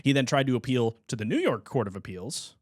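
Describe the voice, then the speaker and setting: A man's voice: medium pitch, big pitch swings, fairly quick, no echo, studio quality. A man hosting a podcast, explaining a historical court case in a casual, profane way, often correcting himself. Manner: casual, swears freely, self-correcting. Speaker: podcast host.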